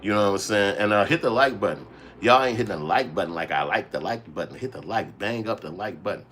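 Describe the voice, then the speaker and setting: A man's voice: fairly low pitch, lively intonation, fast talker, fairly bright tone, a little hiss or hum. A man hosting a commentary livestream, ranting bluntly and with heavy profanity while calling out his chat viewers. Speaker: channel host commenting on a clip.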